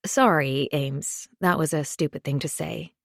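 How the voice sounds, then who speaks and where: A woman voicing a calm young mother in an audiobook, explaining things gently. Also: low voice, measured pace, creaky, no echo, clean studio sound, pitched below the performer's own voice, heavily acted.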